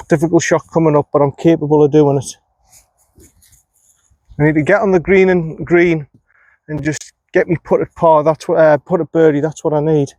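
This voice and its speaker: A fairly high-pitched man talks himself through each golf shot out on an open course, picking apart his own play. His voice comes across dry and close on a phone camera. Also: steady tone, normal speed, long pauses, dry recording. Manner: self-critical, talks to himself. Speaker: golf vlogger. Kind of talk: running commentary while playing golf. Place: outdoors on an empty golf course.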